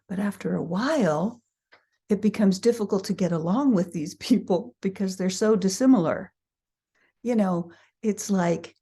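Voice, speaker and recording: A woman's voice: on the low side, mellow, slightly rough. A middle-aged woman teaching, reading her own booklet aloud with chatty asides and little acted-out voices. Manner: chatty, laughs at herself, acts out quick voices. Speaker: human design teacher.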